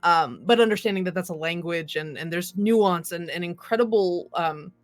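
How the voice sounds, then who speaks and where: A woman's voice: fairly low pitch, normal speed, faint music behind. A woman narrating a tabletop game as game master, rambling with many fillers and restarts.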